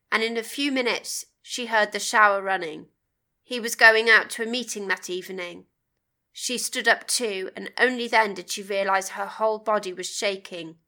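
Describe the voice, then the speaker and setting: A woman narrating an audiobook in a measured, plain storytelling manner. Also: medium pitch, sharp tone.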